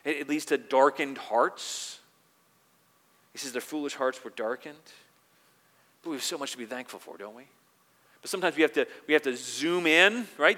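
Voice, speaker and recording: A man preaching a sermon in an earnest manner. He grows louder when he quotes scripture and drops soft on quieter points. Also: medium pitch, moderate pace, pauses often, in a large hall. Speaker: pastor.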